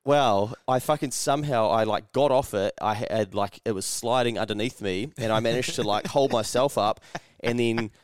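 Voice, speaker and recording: A New Zealand podcast co-host chats casually, swearing freely and slipping into other people's voices mid-story. His smooth, resonant voice sits at an everyday pitch and is recorded close and dry, moving at a moderate pace with hardly any pauses.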